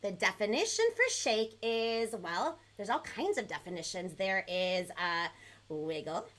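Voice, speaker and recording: Bubbly, bright-voiced woman hosting for kids. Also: medium pitch, measured pace. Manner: bubbly, animated, counts along and cheers the audience. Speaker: host of a live online kids' music show. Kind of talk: energetic hosting for children. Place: home in Los Angeles. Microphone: headphones on, live stream.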